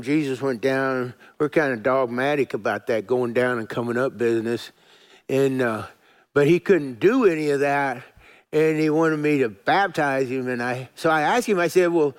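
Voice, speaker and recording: A middle-aged male pastor telling a story in a sermon, folksy and chatty, often restarting and chuckling at himself. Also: on the high side.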